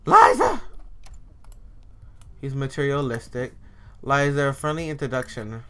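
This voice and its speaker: A man commentating gameplay casually, animated and sassy, voicing the characters' thoughts with mock swearing into a desk microphone. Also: mid-range voice, moderate pace. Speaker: let's play host. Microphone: desk USB microphone.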